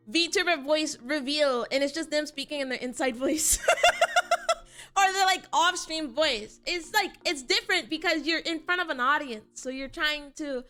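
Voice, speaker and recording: A woman's voice: high voice, bright, forceful tone. A young woman VTuber chatting casually on stream, answering chat and laughing often.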